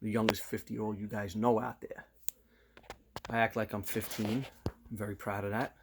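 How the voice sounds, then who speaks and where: A man, chatting casually to camera as a vlogger and telling stories in an animated way. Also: fairly low pitch, moderate pace, noisy background. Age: 50s. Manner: animated storyteller, slips into loud quoted voices.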